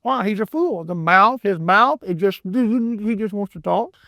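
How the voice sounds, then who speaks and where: A man's voice: high-pitched, unhurried, pushed and bright, no room sound, studio quality. A man teaching a Bible book verse by verse in a folksy, rambling way, often repeating words and adding asides. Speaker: preacher.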